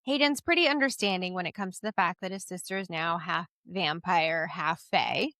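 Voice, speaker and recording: A woman with a bright, lifted voice co-hosts a casual book podcast. She laughs easily and recaps the story in a chatty way. The sound is dry and close. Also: fairly low pitch, dry recording. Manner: giggly, quick to laugh. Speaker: podcast co-host. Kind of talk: casual book-club chat.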